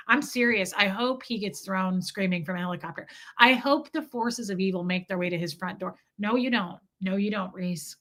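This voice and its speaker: A woman's voice: medium pitch, moderate pace, few pauses, a bit bright. A tired woman in her forties telling a story on a live stream, rambling and swearing and reading viewer comments aloud. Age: 40s.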